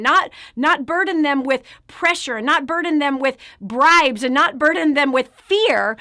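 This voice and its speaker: High-voiced earnest woman speaker. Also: bright, forceful tone. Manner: earnest, addresses viewer as friend. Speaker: parenting speaker and author. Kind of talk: direct-to-camera motivational talk.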